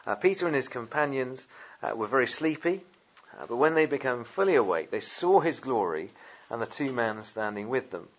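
A man preaching a sermon, lively and conversational, with jokey asides and many fillers. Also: mid-range voice, breathy edge, dull audio. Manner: animated, jokey asides, frequent "uh" and "you know".

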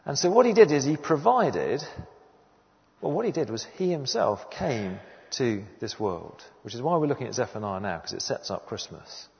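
A man's voice: on the high side, gravelly. A man preaching a sermon in an earnest, emphatic way, repeating key phrases for weight. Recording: dull sound with long hall reverb.

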